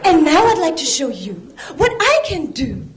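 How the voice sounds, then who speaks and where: A woman's voice: very high voice, very animated, moderate pace, very noisy, pitched above the performer's own voice. Woman doing a vacant sugary spokesmodel. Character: vacant young female TV spokesmodel. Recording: roomy stage sound, loud crowd.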